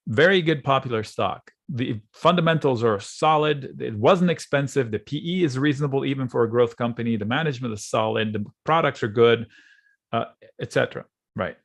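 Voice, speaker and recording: A man teaching options trading in a relaxed, conversational way, acting out panicked traders in quick asides while he draws on charts. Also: medium pitch, no echo, studio quality. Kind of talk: screen-share trading lesson. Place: at a computer, drawing on charts.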